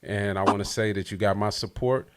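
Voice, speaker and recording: A man hosting a casual interview podcast who hypes up his guest and gets loud and excitable. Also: fairly low pitch, fairly quick, noisy background. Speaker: podcast host.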